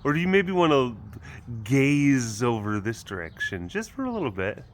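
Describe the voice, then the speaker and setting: A man's voice: mid-range voice, sing-song, moderate pace, slight background noise, voice pushed up, natural voice. A man voicing a flirty female lynx who begs for attention, coaxing and teasing in a put-on Russian accent. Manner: coaxing, sing-song, teasing.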